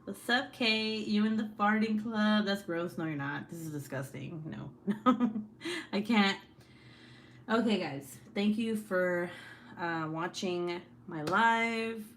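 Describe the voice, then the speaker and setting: A woman's voice: mid-range voice, takes it slowly, slight background noise. A woman hosting a casual livestream, reading out chat comments, laughing often and swearing freely.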